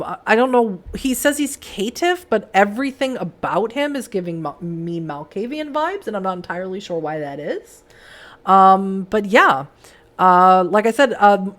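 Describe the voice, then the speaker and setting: A woman streamer talking casually to her stream audience in a chatty, enthusiastic way, her voice hoarse and giving out. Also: medium pitch. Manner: chatty, enthusiastic, many fillers. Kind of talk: casual livestream chat.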